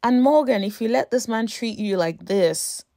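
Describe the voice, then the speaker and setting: A woman's voice: on the high side, normal speed, warm tone, dry recording, studio quality. A woman giving a casual, emphatic review of a reality show, talking straight to the cast with exasperated asides. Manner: exasperated asides, calls people honey and sis.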